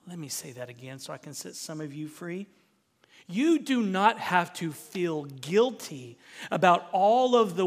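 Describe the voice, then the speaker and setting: A man's voice: high voice, big-room sound. A man with a Southern US accent preaching a sermon as pastor, emphatic and repeating key phrases for stress. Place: church.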